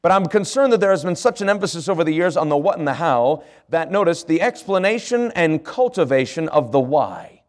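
A pastor delivering a morning sermon in a voice pitched a little above most men. He spells out words letter by letter, asks his listeners questions, and slows down to weigh key phrases. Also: animated. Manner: slows to stress key phrases, rises in passion. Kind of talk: sermon with fill-in handout.

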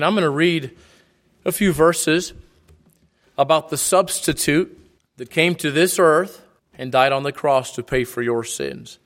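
Man preaching a sermon. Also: mid-range voice. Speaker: pastor.

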